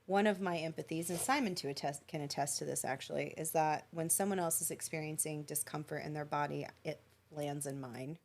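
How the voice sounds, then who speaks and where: Woman, low pitch, gravelly, podcast guest, earnest personal storytelling. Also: steady tone, brisk, few pauses. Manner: earnest, reflective, tells stories in detail.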